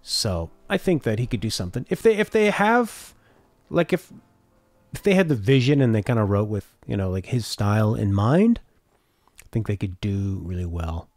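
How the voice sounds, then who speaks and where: A man's voice: fairly low pitch, expressive, normal speed, a little mellow, no echo, soft background music. A man streaming a casual reaction chat, talking things over and reading viewer comments aloud before answering them. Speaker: streamer reacting to a game showcase.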